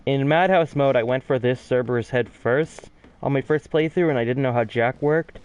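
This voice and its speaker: A man's voice: mid-range voice, moderate pace, a little mellow, clear, resonant tone. A man giving chatty, self-deprecating commentary during a game speedrun, often restarting his sentences. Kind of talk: casual gameplay commentary.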